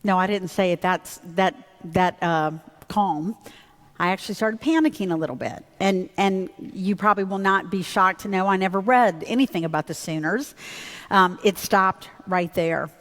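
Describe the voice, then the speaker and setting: A woman's voice: medium pitch, normal speed. A woman pastor preaching a sermon in a church, telling a personal story in a candid, conversational way with fillers and self-corrections. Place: church sanctuary. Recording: long reverb of a church hall.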